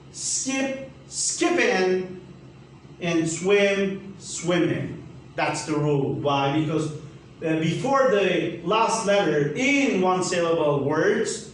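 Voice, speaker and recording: A man with a Turkish accent teaching an English grammar lesson, speaking slowly and emphatically and spelling letters out. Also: high voice, very echoey, recorded from a distance, slight background noise, rough recording.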